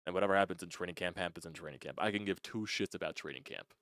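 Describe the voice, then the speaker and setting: A young man vents in a loose, frustrated fan rant, restarting words and swearing as he goes. His voice sits very low. The recording is dry and close, with no room echo. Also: rapid-fire, fairly bright tone. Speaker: sports channel host.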